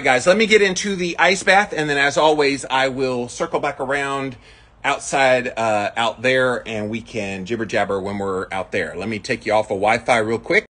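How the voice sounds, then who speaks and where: A man's voice: medium pitch, a bit bright. A man, a little out of breath, chatting upbeat to his viewers outdoors in his backyard on a live stream. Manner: upbeat, talks straight to viewers. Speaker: vlogger. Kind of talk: casual live-stream chat.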